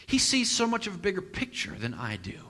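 A male pastor delivers a sermon woven with a personal story, acting out the quotes with sudden loud bursts and hushed asides. His voice sits a bit high and bright, rising and falling widely. The sound carries the long reverb of a large hall. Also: huge pitch swings, fairly quick.

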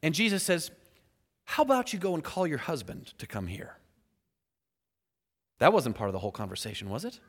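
A man's voice: a little high, huge pitch swings, fairly quick, pauses often, fairly bright tone, long reverb tail. A man preaching a sermon, acting out the voices in the scripture story as he goes.

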